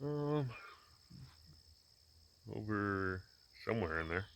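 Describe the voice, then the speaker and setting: Lowish and slow, this man's voice carries a little hiss or hum as the farmer vlogger walks outdoors filming on a handheld camera. He talks casually about farm chores, relaxed and rambling, with many fillers and restarts.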